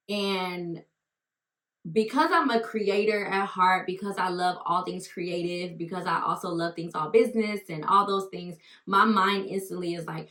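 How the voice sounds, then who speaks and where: A woman's voice: fairly low pitch, unhurried, fairly bright tone, reverberant. A woman telling her faith story in an earnest, reflective way, with many fillers and restarts. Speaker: faith-based speaker and mom. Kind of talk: personal testimony talk.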